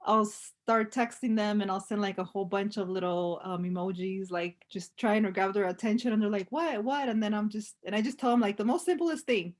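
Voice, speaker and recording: Expressive woman business owner, casual guest. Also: medium pitch, a little fast, few pauses. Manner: expressive, self-described dramatic, storytelling. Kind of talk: casual interview chat.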